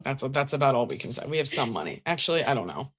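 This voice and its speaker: Low-voiced wry woman podcast host. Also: sing-song, fast talker. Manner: chatty, wry, profane storytelling. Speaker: podcast host and stand-up comedian. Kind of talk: casual comedic chat.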